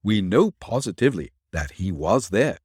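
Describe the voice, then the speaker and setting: A man's voice: on the low side, big pitch swings, normal speed, darkish tone, breathy edge, no room sound, studio quality. A man voicing a blustering police superintendent in an audiobook, emphatic and pressing.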